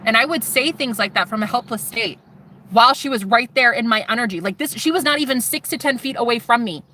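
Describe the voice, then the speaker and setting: Woman vlogger, bright edgy voice, intense testimony, swears, talks to viewers. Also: a little high, fast talker, a little hiss or hum. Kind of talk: emotional personal testimony.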